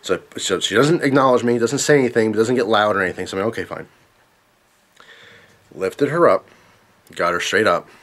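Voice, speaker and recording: A man's voice: fairly low pitch, fairly quick, fairly bright tone. A man casually telling a story to camera, earnest and emphatic, repeating himself when tense.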